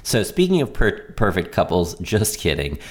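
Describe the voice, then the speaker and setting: Low-voiced lively man recapping a show. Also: a little hiss or hum. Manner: lively, drawn-out recapping with chuckles. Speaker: podcast co-host. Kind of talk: casual TV recap chat.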